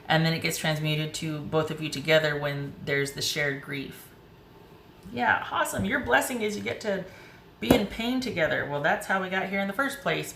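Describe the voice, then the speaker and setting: Turning cards during an informal tarot reading, a woman talks in a low, fairly bright voice, chatty and emotional as she thinks aloud. There's a faint hiss and a roomy sound to the recording.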